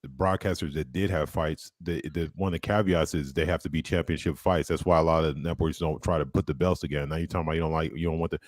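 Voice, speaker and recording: A man's voice: extremely low pitch, steady tone, quick pace, few pauses, no room sound, studio quality. A man from the United States on a boxing panel, talking bluntly and profanely over a video call. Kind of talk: casual panel chat.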